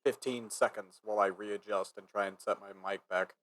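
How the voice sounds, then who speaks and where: A woman speaking through a voice changer in a voice chat, giving deadpan, meme-y short replies. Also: extremely low pitch, fairly quick. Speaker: voice chat guest. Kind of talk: casual gaming chat.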